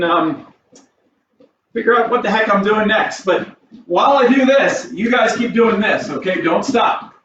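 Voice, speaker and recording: A karate instructor with an American accent leading a warm-up class from his home garage, upbeat and counting reps in Japanese. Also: sits high, highs cut off, slight background noise. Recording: echoey garage mic from a distance.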